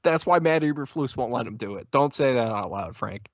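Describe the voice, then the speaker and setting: Guy venting on a sports podcast, middle pitch, dry close sound, keeps restarting sentences. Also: lively intonation, a little fast, no room sound, highs cut off. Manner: exasperated, stammering restarts. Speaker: podcast co-host. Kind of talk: casual sports podcast chat.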